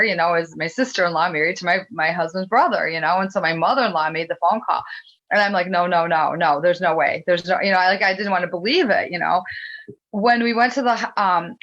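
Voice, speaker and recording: A woman's voice: on the low side, a bit bright. A woman host reminiscing emotionally with many restarts during an interview conversation. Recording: dull lo-fi sound.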